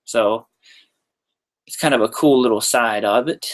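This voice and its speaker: A man's voice: medium pitch, measured pace. A young man, a guitarist, answering viewer questions in a casual live-stream Q&A. He is chatty and loose, often says "like" and "uh", and laughs lightly mid-sentence. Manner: laid-back, chatty, loose with frequent "like" and "uh".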